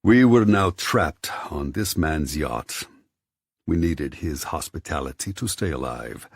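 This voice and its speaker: A man narrating an audiobook in the first person with a measured, low-key delivery. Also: expressive, husky, no room sound, clean studio sound.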